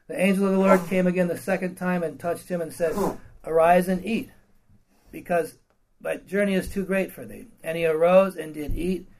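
A man's voice: high voice, steady tone, moderate pace, gravelly, darkish tone, slight background noise, rough recording. A man preaching a sermon, reading old scripture verses and then retelling them in blunt everyday slang with laughs and questions to the congregation.

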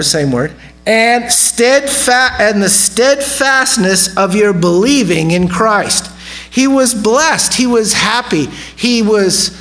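A man's voice: high voice, fairly bright tone, rough recording. A man preaching a sermon in a conversational way, often asking the audience questions. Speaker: pastor.

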